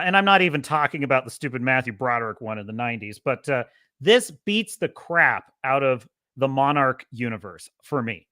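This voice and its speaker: A man's voice: fairly high pitch, pushed and bright, dry recording. A man hosting a podcast, giving an impassioned, profane movie commentary and mocking the people he criticizes. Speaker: podcast host.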